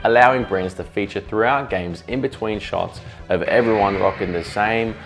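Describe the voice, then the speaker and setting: A man's voice: fairly low pitch, moderate pace, faint music behind. Sarcastic man narrating. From Australia. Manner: sarcastic, jokey, swears freely. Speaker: video essay host. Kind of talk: scripted comedic video essay narration.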